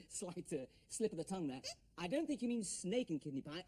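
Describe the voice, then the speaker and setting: A man's voice: high voice, sing-song, fairly quick, a little mellow, a little hiss or hum. A man presenting a children's TV show, playful and often breaking into laughter. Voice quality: playful, laughs at his own jokes. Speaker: children's TV host.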